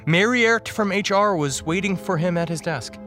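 A man as guest preacher, reading a dark comic story in a wry, dramatic way. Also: high-pitched, moderate pace. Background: music.

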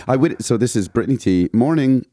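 A man's voice: medium pitch, normal speed, dark tone, breathy edge, no room sound, clean studio sound. A man hosting a podcast, chatting playfully, laughing often and poking fun at himself. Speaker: podcast host. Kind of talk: casual chat.

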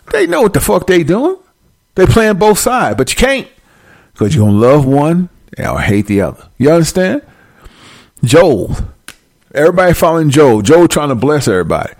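A man's voice: fairly high pitch, very animated, moderate pace. A man delivering a profane, preachy comedic rant straight to his viewers.

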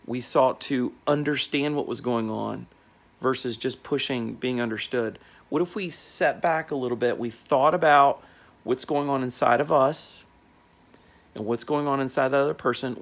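Middle-aged male coach, gravelly, earnest casual reflection. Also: medium pitch. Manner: earnest, musing, rhetorical questions. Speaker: life coach.

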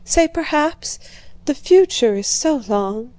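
A woman's voice: high-pitched, animated, takes it slowly, mellow, no echo, pitched above the performer's own voice. A woman voicing a sentimental, scheming older male prince who pleads and sighs. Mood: pleading. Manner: pleading, sighing, ingratiating.

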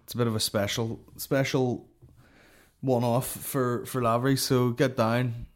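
A man's voice: mid-range voice, little pitch movement, a little slow. Northern irish guy ranting on his comedy podcast, swears nonstop, rambly, normal mid voice. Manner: profane, rambling, swears constantly. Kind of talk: casual comedic rant.

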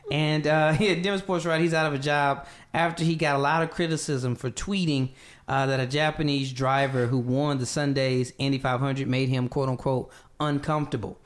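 A man's voice: medium pitch, fairly even intonation, brisk. A young man hosting a casual sports podcast, joking and reading quotes aloud with running commentary. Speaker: podcast host.

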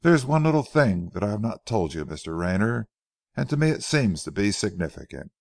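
A man voicing a calm, persistent police corporal who tells his account quietly and deliberately. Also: on the low side, gravelly, no echo, studio quality. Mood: steady.

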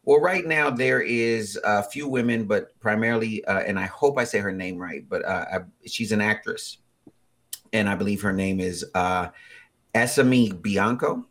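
A man in his forties with a husky voice, chatting casually as a podcast co-host, rambling with many fillers and animated bursts. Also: lowish voice, normal speed. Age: 40s. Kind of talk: casual chat.

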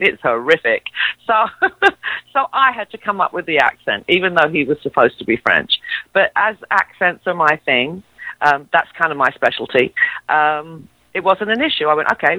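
An English actress in her fifties with a mid-Atlantic accent, telling stories in a casual interview. She is animated and uses many fillers and restarts. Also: low voice, normal speed, no room sound. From England. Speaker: actress guest. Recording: dull, dry lo-fi recording.

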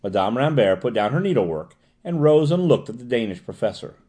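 A man narrating a classic novel as an audiobook reader, steady and expressive. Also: mid-range voice, fairly quick. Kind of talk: scripted narration.

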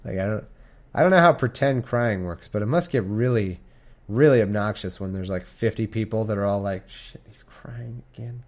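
Man, mid-pitch, reads Bible passages and riffs on them, irreverent, swears, loses his place. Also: a little fast. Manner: rambling, irreverent, swears, stumbles over names. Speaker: reader and commentator. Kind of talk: casual Bible reading with commentary.

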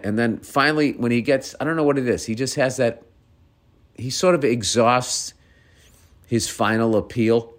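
A middle-aged man tells family stories casually, rambling and profane, and often breaks off mid-sentence. His voice is mid-range and he speaks at a normal speed.

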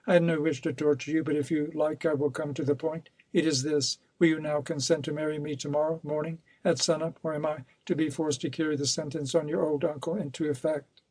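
A man's voice: on the high side, little pitch movement, brisk, darkish tone, husky, no room sound. Man reading a cold, scheming villain. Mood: villainous. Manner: cold and insistent, turning coaxing. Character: scheming, ruthless male villain, pleading and menacing.

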